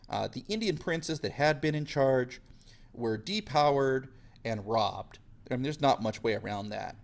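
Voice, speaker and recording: A man teaching a history lesson in a casual, lively way, sometimes slipping into quick silly voices. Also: mid-range voice, creaky. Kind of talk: classroom lecture.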